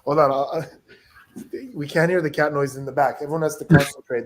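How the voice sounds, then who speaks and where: A man's voice: fairly high pitch, steady tone, fast. A man on a video call hosting a party game, joking and urging the others on. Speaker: game host. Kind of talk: casual streamed chat.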